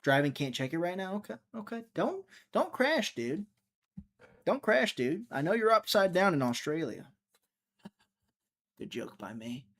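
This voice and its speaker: A man with a slightly high voice hosts a loose, casual livestream. He rambles and cracks jokes, talking straight to the viewers in his chat. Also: big pitch swings, normal speed, fairly bright tone. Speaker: livestream host.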